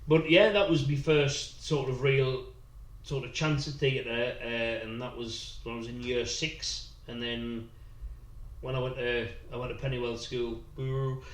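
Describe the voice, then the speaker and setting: A man's voice: medium pitch, a little slow. A man in his thirties from North East England chats casually about his early days on stage. He tells his stories with animation, acting out bits as he goes. The room around him is echoey. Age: 30s. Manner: animated storytelling, acts out rhymes. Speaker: actor guest. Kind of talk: casual chat.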